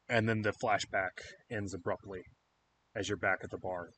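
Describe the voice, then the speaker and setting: A man's voice: sits low, steady tone, normal speed, pushed and bright, slight background noise. A man running a tabletop role-playing game as game master, narrating scenes loosely and descriptively.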